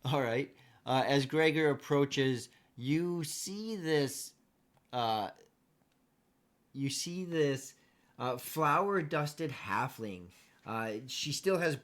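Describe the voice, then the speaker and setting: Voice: mid-range voice, animated, drawn-out words. A game master narrating a tabletop game in an easygoing way, with many fillers.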